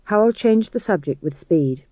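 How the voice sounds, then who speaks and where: A man narrating an audiobook in a wry, expressive way. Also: high-pitched, normal speed, no room sound, muffled recording.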